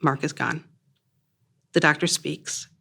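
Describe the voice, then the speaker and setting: A woman reading her own first-person story aloud in a measured, plain storytelling manner. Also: deep voice, vocal fry, sharp tone, slightly rough.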